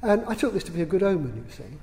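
Man, lecturer, dry wit, mellow warm tone, long hall reverb. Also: high voice, sing-song, slight background noise. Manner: dry, witty, unhurried, with fillers. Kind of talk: public lecture. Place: large hall.

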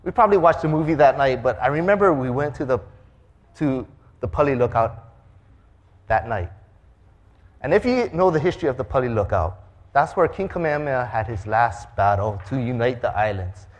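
A man's voice: mid-range voice, moderate pace. A man preaching a sermon, telling a story with acted-out sound effects and quoted voices. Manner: animated, acts out sounds and voices. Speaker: pastor.

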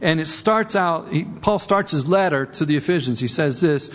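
A man's voice: a little high, animated, moderate pace, few pauses, in a large hall. A man preaching a sermon in a conversational way, often repeating words and rising for emphasis. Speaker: pastor.

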